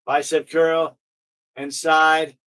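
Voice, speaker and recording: Man, middle-aged, exercise instructor, encouraging, video call, fairly high voice. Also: little pitch movement, extremely slow, a bit bright. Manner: upbeat, encouraging, storytelling between cues. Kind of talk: online exercise class with chat.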